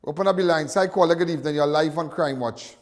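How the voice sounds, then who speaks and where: A Trinidadian man hosting a live crime call-in show, animated and repetitive. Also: a little high, fast talker, long reverb tail. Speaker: talk show host.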